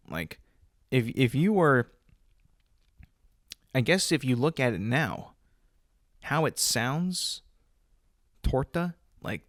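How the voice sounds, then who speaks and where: A man's voice: medium pitch, dry recording, clean studio sound. A young man hosting a solo podcast, telling stories in a rambling, casual way with many fillers. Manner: rambling, filler-heavy storytelling. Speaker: podcast host.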